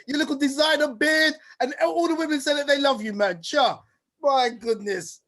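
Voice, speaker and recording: A man hosts an online talk in a lively, playful way, reeling off shout-outs in quick lists. His voice sits notably high for a man. He comes across over a video call. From United Kingdom. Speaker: host. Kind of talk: lively online event hosting.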